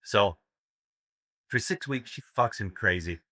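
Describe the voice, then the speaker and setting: A man's voice: lowish voice, animated, measured pace, pushed and bright, dry recording, clean studio sound. A man giving a live seminar talk, telling crude jokes as stories and laughing at his own punchlines. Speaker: seminar speaker. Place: seminar room with audience.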